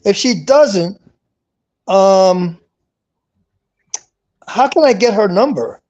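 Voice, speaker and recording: Male host, high voice, casual live-stream chat, repeats himself, insistent. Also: lively intonation, extremely slow, darkish tone, muffled recording. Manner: repetitive, insistent, restarts often. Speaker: show host.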